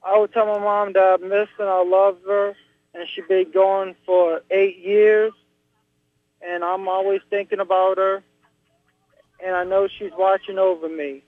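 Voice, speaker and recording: A male caller speaks softly and earnestly in a high, fairly flat voice. It comes through a tinny, dry phone line. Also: dry recording. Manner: soft, earnest, a little slow.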